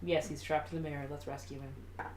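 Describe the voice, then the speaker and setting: A woman's voice: deep voice, level tone, brisk, darkish tone, a little hiss or hum. A woman playing a tabletop role-playing game, teasing the others with dry sarcasm. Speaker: player. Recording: echoey room.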